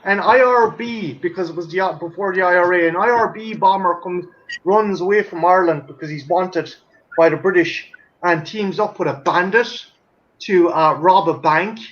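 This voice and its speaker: Man, high voice, eager storyteller who swears; dull lo-fi audio. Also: normal speed, fairly bright tone, slight background noise. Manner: enthusiastic, swears, tells stories. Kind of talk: casual chat.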